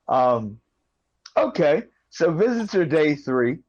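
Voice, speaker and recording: A man's voice: mid-range voice, lively intonation, normal speed. A man co-hosting a casual podcast, answering with short reactions and joking asides. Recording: dull lo-fi sound.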